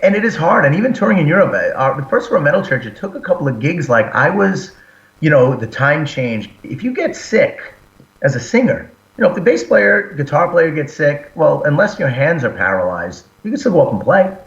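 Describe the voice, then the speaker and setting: A man's voice: on the high side, brisk. A man who sings and fronts a metal band, chatting in an interview and telling stories with acted-out quotes. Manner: animated storyteller, acts out quotes. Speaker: band singer and frontman, guest. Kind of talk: casual interview chat. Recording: roomy, dull lo-fi sound.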